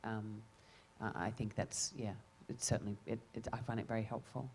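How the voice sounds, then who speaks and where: A woman's voice: a bass voice, level tone, normal speed, darkish tone, a little hiss or hum. A woman actor answering panel questions in a reflective way, often restarting and repeating words.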